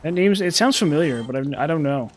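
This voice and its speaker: A man's voice: on the high side, expressive, quick pace. A man giving casual gameplay commentary, rambling and thinking aloud with self-deprecating asides.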